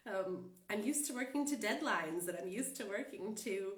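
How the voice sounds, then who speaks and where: A woman's voice: medium pitch, animated, moderate pace. A woman coach with a stuffed-up cold, chatting casually and rambling with fillers and laughs. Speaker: life coach. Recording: roomy and distant from the mic.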